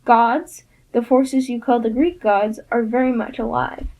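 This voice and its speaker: A woman playing a gentle older male mentor. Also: fairly high pitch, fairly even intonation, rough recording. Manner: gentle, measured, formal. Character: kindly, patient older male teacher and mentor.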